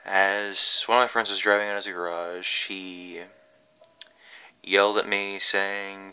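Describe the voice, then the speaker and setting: A man tells a spooky story about an online game in a loose, rambling way, cursing freely and stumbling through fillers. His voice is low and sharply bright. Quiet music runs in the background. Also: level tone, unhurried, clear, resonant tone, poor audio. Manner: rambling, profane, full of fillers. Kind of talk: casual creepypasta narration.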